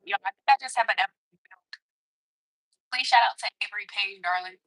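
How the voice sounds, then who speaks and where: A woman's voice: mid-range voice, a little fast, a bit bright, no room sound, low-quality recording. Chatty woman livestreaming from her kitchen, dry sound. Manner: chatty, laughs often, addresses viewers as "y'all". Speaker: livestream host. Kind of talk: casual livestream chat. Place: home kitchen.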